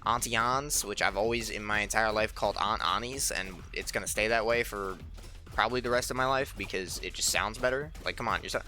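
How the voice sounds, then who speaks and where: A man's voice: on the low side, fairly quick, bright, forceful tone. A young man telling a rambling, chatty story while playing a game, with faint game music behind him. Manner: rambling, chatty, acts out quoted people. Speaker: let's play host. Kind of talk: casual storytelling over gameplay.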